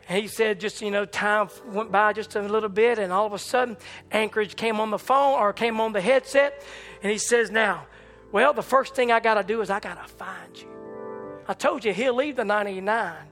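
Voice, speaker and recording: Male preacher, fiery sermon delivery, high bright voice, soft organ underneath. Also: normal speed. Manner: impassioned, rising to shouts and dropping low. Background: church organ chords.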